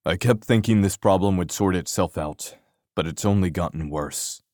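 A man's voice: deep voice, normal speed, darkish tone, no echo, studio quality, lightly acted. A man doing a weary wolf-shifter alpha.

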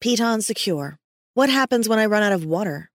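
A woman's voice: medium pitch, animated, a little fast, no echo, close to an everyday voice. Woman doing a stubborn female climbing guide, mid-thirties, clipped muttering, dry sound. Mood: tense. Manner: clipped, muttered self-talk.

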